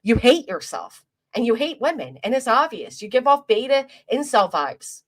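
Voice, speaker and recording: A woman's voice: on the high side, sing-song, normal speed. A woman doing rambling livestream commentary, crude and mocking in a vulgar rant, often restarting her sentences. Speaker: commentary streamer. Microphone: desk microphone.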